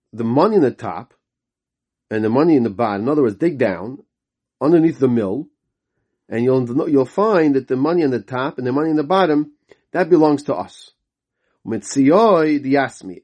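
A man's voice: mid-range voice, a little mellow. Man teaching Talmud aloud, phrase by phrase. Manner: reads the Aramaic text aloud, then explains it in English; repeats and restarts words while explaining. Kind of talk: daily Talmud study lesson.

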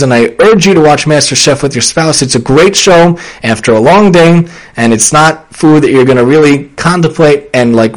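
A young man hosting a solo podcast, talking earnestly and preachily, with sudden excited bursts. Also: on the high side, rough recording. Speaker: podcast host. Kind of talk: casual solo podcast talk.

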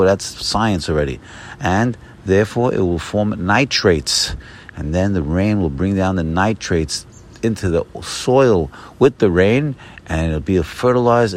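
Deep-voiced man giving an emphatic religious talk. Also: a little hiss or hum. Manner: emphatic, repetitive, with many restarts. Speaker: religious teacher. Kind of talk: informal Torah talk.

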